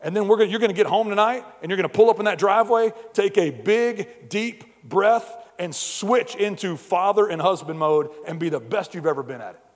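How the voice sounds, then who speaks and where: A man preaching a sermon at a men's breakfast, energetic and exhorting, often repeating words as he starts a phrase. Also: high-pitched, fairly quick, few pauses, long reverb tail.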